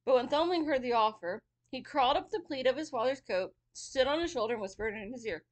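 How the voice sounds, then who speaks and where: Female storyteller, casual read-aloud with chatty asides, animated delivery. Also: sits high, fairly quick, few pauses. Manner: chatty asides between reading.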